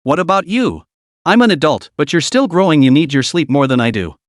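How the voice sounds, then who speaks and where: A man narrating a storybook recap who voices a caring adult woman with a concerned, gentle manner. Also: fairly high pitch, lively intonation, fairly quick, no echo, studio quality, natural voice.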